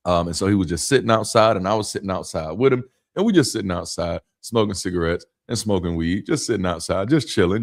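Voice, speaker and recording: A man in his thirties from the Southern US with a Southern accent, hosting a casual live chat and telling jokey stories. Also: medium pitch. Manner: animated storyteller, jokey, laughs often. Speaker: host.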